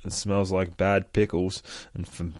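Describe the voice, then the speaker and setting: Deep-voiced cursing man recapping a comic. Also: unhurried, dry recording. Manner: profane, excitable, laughs often. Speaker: comic book reviewer. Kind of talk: casual retelling of a comic.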